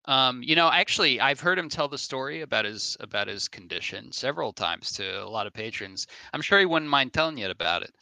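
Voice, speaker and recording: A man's voice: medium pitch, expressive, fairly quick, vocal fry, hardly any pauses, sharp tone, no echo, full character voice. A man voicing a chatty, helpful male bartender.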